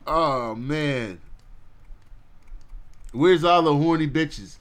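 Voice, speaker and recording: A man's voice: on the high side, extremely slow. A man hosting his own podcast, ranting bluntly and profanely to his live chat and laughing at his own jokes. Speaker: podcast host.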